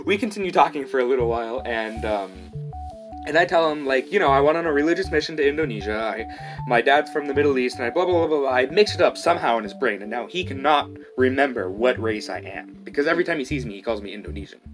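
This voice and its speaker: A man's voice: medium pitch, quick pace, music in the background. A man co-hosting a podcast, casually telling a story and acting out what other people said. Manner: animated storyteller, acts out others' lines. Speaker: podcast co-host. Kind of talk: casual chat.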